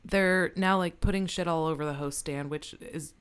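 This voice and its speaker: A woman's voice: low voice, moderate pace, smooth. A woman who manages a restaurant, telling a story in a casual chat, swearing freely and laughing often.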